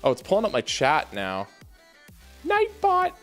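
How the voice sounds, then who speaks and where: A young Canadian man with a fairly high, slightly bright voice hosts a casual livestream from his home basement, speaking at normal speed over soft background music. He's hyped and chatty, talking straight to chat and calling viewers "baby" and "y'all."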